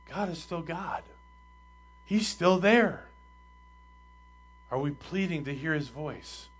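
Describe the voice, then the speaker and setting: A man preaching a sermon as pastor, reading scripture aloud and explaining it, growing more forceful on the readings. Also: high-pitched.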